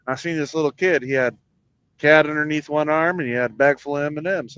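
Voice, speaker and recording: A man in casual banter, telling a rambling joke and slipping into quick voices for the people in it. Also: on the high side, a bit bright, clean tone, no echo. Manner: rambling storyteller, does character voices in quotes. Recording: dull lo-fi sound.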